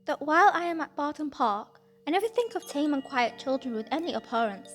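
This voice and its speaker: A woman's voice: high voice, animated, brisk, a bit bright, soft background music. A woman doing a composed, dryly ironic young lady.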